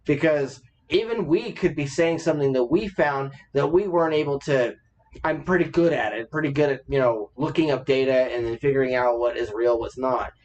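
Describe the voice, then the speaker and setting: A man's voice: medium pitch, a little fast, darkish tone, dull audio. A man co-hosting a podcast, chatting casually as an opinionated storyteller who swears freely. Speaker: podcast co-host. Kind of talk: casual chat.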